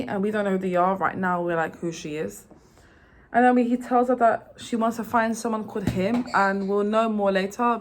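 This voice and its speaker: A young woman giving a rambling, excitable recap of a video game's story, full of fillers and restarts. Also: medium pitch. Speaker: vlogger. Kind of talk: casual game recap.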